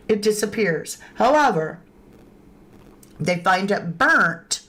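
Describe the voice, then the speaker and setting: A woman hosting a true crime livestream in a chatty, casual way, greeting viewers by name and adding emphatic asides. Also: on the low side. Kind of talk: casual live-stream commentary. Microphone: webcam or phone on camera.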